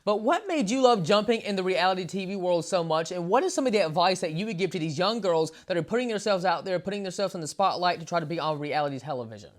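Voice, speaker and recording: A man's voice: high voice, expressive, fast, few pauses. A man hosting an entertainment interview, gushing and enthusiastic, with lots of affirming fillers. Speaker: interview host.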